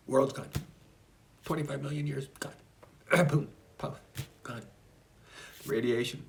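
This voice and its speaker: Male author, rambling casual commentary, raised gravelly voice, emotional, soft trailing asides. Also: a little high, normal speed, long pauses. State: choked up at times. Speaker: author reading and commenting on his own book.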